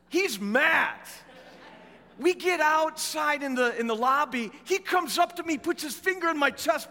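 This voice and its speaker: A middle-aged man preaching a sermon as a pastor, telling stories in a relaxed, conversational way with fillers. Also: very high voice, a little slow. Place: church. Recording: echoey church hall with long reverb.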